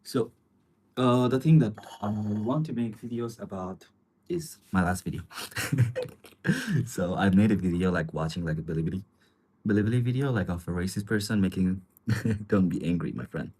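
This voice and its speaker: Deep, slightly husky man, laid-back livestream host, rambling and chuckly. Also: moderate pace, long pauses. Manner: relaxed, rambling, chuckles often, many fillers. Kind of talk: casual live chat answering viewer comments.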